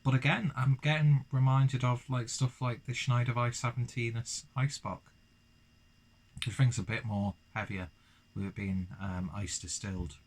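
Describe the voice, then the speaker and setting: A man's voice: mid-range voice, fairly even intonation, normal speed. A young man chatting through a beer review, rambling and self-deprecating, with lots of fillers. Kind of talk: casual beer review vlog.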